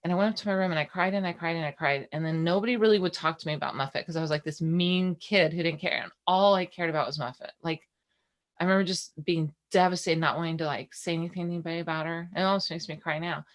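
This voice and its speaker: Middle-aged woman, lower register, co-host telling a frank personal story in relaxed chat. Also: quick pace. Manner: candid, personal storytelling with many restarts. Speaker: podcast co-host. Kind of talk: casual chat.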